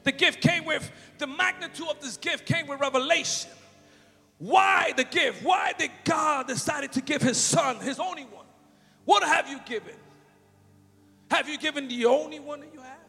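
A man preaching a fervent sermon in a church, shouting and calling out hallelujahs. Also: very high-pitched, normal speed, vocal fry. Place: church sanctuary. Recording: long hall reverb with faint music.

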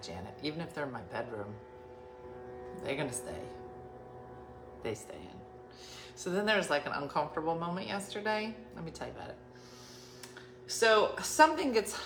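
A middle-aged woman telling a rambling personal story to her viewers, acting out the dialogue in changing voices and sometimes dropping to a whisper. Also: low voice. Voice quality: chatty, animated, acts out dialogue in shifting voices and whispers. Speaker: vlogger. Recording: echoey room with faint background noise.

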